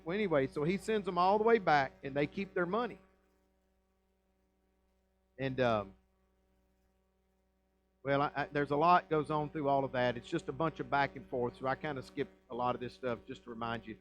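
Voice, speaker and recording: A man's voice: a little high, rough recording. A middle-aged man, a pastor teaching a Bible study sermon and asking the congregation questions as he retells the story.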